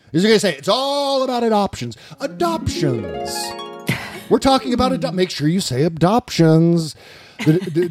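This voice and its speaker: A man's voice: a little high, a little mellow, no echo, studio quality. A man hosting a political talk show, reading the news aloud with silly, mocking asides and frequent giggles. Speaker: podcast host.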